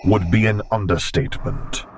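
Man reading a dark lord, menacing, low rumbling voice, curt growl, deep. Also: steady tone, moderate pace, a little hiss or hum, natural voice. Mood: guarded.

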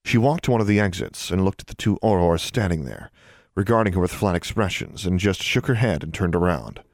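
A man narrating a fantasy audiobook in an even, measured storytelling manner. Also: low-pitched, no echo, clean studio sound.

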